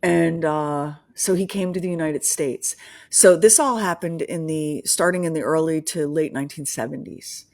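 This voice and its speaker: A woman co-hosting a podcast livestream, talking in a chatty, animated way and laughing often. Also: low voice, normal speed, no echo, studio quality. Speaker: podcast co-host. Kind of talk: casual livestream chat.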